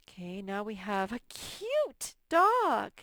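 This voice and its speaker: A woman's voice: mid-range voice, huge pitch swings, takes it slowly, sharp tone, no room sound. A woman teaching a reading lesson to young children, drawing out words and sounding out letters. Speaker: first-grade teacher.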